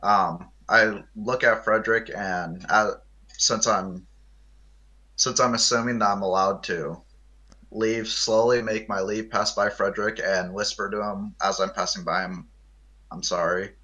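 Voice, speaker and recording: A man's voice: lowish voice, fairly even intonation, a little slow, pushed and bright. A man playing a tabletop role-playing game, speaking hesitantly with many ums. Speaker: player.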